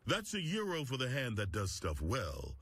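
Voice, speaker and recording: A man voicing an upbeat fast-food commercial announcer with a salesy, repeating pitch. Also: wildly swooping pitch, a bit bright, slightly rough, dry recording, full character voice. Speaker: commercial voice-over.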